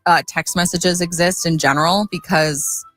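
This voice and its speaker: A woman's voice: on the low side, steady tone, moderate pace, fairly bright tone, soft background music, poor audio. A young woman co-hosting a morning radio show, blunt and opinionated in casual banter. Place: radio studio. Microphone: studio microphone.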